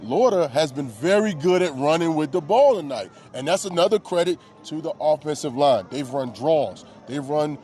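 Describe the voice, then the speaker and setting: A middle-aged man calls a high school football game as color commentator. His voice rides a little high, and he breaks down each play with a coach's patient eye and easy homespun phrases. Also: animated, normal speed, few pauses, mellow. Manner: knowledgeable, coach-like analysis with folksy phrases. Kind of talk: live sports commentary.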